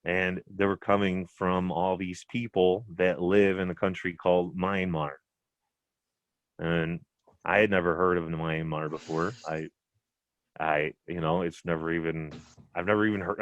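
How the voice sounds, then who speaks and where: A man's voice: low voice, steady tone, normal speed, no echo, highs cut off. A man hosting a casual podcast, rambling through a story with lots of restarts and the odd swear word. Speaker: podcast host. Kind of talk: casual chat.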